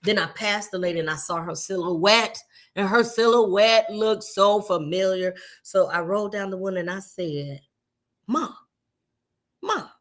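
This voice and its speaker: A woman's voice: medium pitch, normal speed, fairly bright tone. Woman, middle-aged, minister, earnest, devotional teaching, repetitive emphasis, personal storytelling. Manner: earnest, repeats phrases for emphasis; tells personal stories to the listener. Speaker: minister giving a midday devotional.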